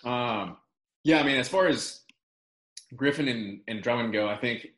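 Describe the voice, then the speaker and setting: A man's voice: mid-range voice, a little slow, fairly bright tone, poor audio. A man co-hosting a casual sports podcast, rambling and restarting his sentences. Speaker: podcast co-host.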